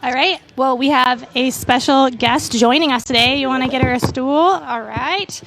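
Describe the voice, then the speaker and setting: A woman's voice: high voice, moderate pace, a bit bright, rough recording. A woman co-hosting a church pre-show, telling corny jokes and asking a guest questions in a playful, giggly way. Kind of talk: casual chat, telling jokes and interviewing.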